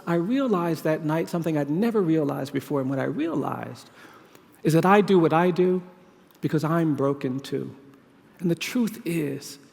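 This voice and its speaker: At a leadership conference, a man gives a storytelling keynote in a large hall where his voice echoes with long reverb. He speaks fairly high for a man and develops each point with measured, repeated phrases.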